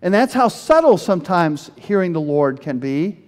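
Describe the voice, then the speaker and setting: A man preaching a sermon as pastor, telling Bible stories in an animated way and acting out the speakers he quotes. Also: sits high, normal speed. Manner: animated storytelling, voices quoted speakers with bursts of energy. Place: church sanctuary. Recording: long hall reverb.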